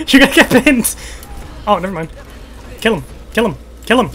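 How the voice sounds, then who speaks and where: A young man streaming a team shooter game, trash-talking his friend with crude jokes and sudden excited yells. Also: high-pitched, normal speed, a little hiss or hum. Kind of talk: casual gaming chat.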